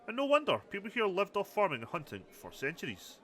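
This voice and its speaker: A man voicing a humble older male high priest in a game, speaking calmly and courteously. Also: fast talker, heavily acted.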